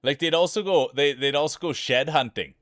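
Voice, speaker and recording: A man from Canada hosting a live stream, chatty and excitable, laughing often and calling people "dude". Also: a little high, a little fast, no room sound, studio quality. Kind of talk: casual live-stream commentary.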